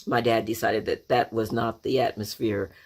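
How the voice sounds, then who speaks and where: A woman's voice: rumbling low, steady tone, normal speed, a little mellow. A woman in her sixties from Oklahoma telling a childhood story in a conversational, reflective way, full of asides. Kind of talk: personal storytelling to camera.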